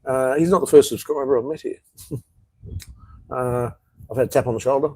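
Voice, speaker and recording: Laid-back Australian man, dark husky voice. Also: medium pitch, a little fast, low-quality recording. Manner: rambling, laid-back, reads out viewer comments. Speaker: vlogger. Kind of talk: casual live-stream chat. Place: outdoor patio.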